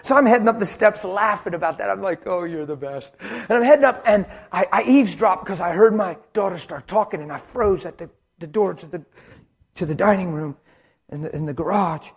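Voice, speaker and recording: A man preaches a story-driven sermon, his voice pitched high and edged with husk. He acts out the scenes dramatically, dropping to a hushed near-whisper before rising to excited shouting. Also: a little fast, gravelly, slightly rough.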